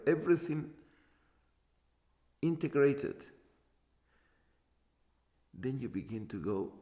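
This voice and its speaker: A man giving a spiritual talk as a teacher, halting and repeating short phrases for emphasis. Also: deep voice, a little mellow. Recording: long hall reverb.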